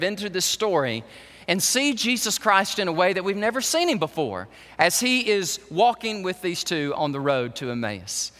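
A man preaching a sermon as pastor, animated and acting out the voices of scripture. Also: high-pitched. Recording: long hall reverb.

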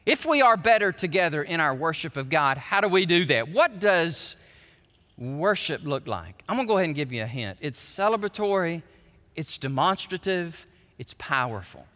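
A man, a pastor preaching a sermon, animated and shifting between quiet prayer and loud shouting. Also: a little high, normal speed. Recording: reverberant hall.

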